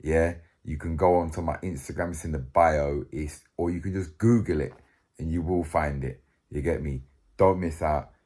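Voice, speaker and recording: A man's voice: rumbling low, steady tone, moderate pace, dark tone. A young man, chatting to camera in a casual, joking, slang-filled way. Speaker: vlogger.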